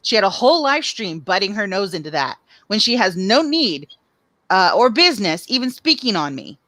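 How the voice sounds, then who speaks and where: A woman's voice: mid-range voice, very animated, normal speed, pushed and bright, no room sound. A middle-aged woman co-hosting a live stream, talking bluntly and frankly in casual chat. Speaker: co-host.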